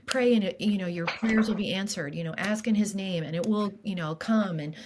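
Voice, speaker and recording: A middle-aged woman speaking as a podcast guest in a candid conversation about grief, halting with fillers and restarts, openly emotional and earnest. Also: mid-range voice, background noise.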